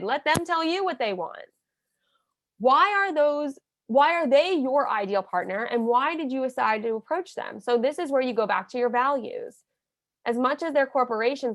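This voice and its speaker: A woman with a fairly high voice teaches nonprofits in an emphatic coaching tone. She acts out sample messages as she explains each step. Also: dry recording, studio quality. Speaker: nonprofit consultant. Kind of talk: instructional talk.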